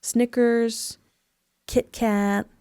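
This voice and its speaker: A woman recapping a movie on a podcast in a rambling, casual way, full of fillers and quick acted-out quotes. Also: on the high side, level tone, mellow, clear, resonant tone, no room sound, studio quality.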